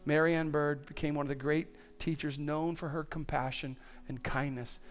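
A man's voice: a little high, level tone, normal speed, soft background music. Impassioned male pastor preaching. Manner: impassioned preaching, repetitive builds that rise to near-shouting. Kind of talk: sermon. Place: church auditorium on stage.

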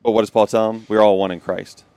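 A man's voice: on the low side, little pitch movement, fast, warm tone, dry recording. Earnest man telling stories on a podcast. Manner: earnest storyteller acting out quoted dialogue. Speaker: podcast co-host. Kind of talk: casual chat.

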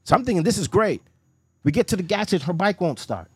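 A man telling a story in a casual podcast chat, animated and profane, laughing often. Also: high-pitched, rapid-fire, husky, no echo. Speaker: guest storyteller.

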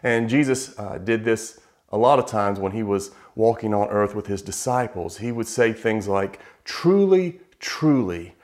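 A man's voice: lowish voice, steady tone. Emphatic male preacher giving a sermon. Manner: emphatic, slows down to stress repeated words.

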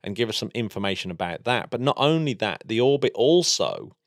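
Low-voiced enthusiastic English man. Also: big pitch swings, a little fast, dry recording, clean studio sound. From England. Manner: enthusiastic, explanatory. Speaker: podcast co-host. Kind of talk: casual science chat.

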